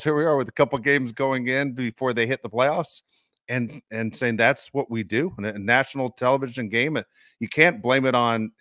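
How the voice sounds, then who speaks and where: A sports podcast co-host with a mid-range voice chats casually and lively, impersonating the things fans might say. The studio-quality audio has no echo.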